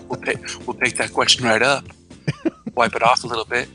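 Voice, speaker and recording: A man hosting a live-streamed show in casual chat, joking and laughing often, with soft music behind. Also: medium pitch. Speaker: show host. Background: soft background music.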